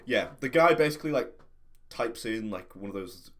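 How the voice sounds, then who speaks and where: A man's voice: medium pitch, lively intonation, moderate pace. A man running a tabletop game over a stream, flustered and laughing at technical trouble. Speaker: game master.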